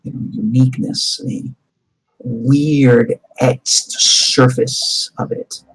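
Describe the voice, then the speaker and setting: A man's voice: medium pitch, fairly even intonation, slow pace, slight background noise, low-quality recording. A man narrating a tabletop game as game master in a loose, restarting way.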